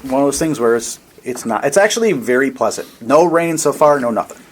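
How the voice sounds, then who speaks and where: A man's voice: mid-range voice, fairly quick, a little hiss or hum, poor audio. Easygoing male dungeon master. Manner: relaxed, rambling descriptions with fillers. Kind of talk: narrating a tabletop game.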